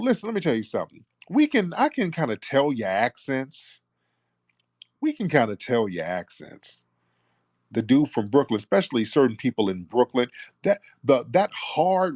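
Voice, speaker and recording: A man's voice: medium pitch, dry recording, clean studio sound. A man hosting a call-in talk show, arguing with and teasing callers in casual chat. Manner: animated, argumentative, teasing callers. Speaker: radio show host.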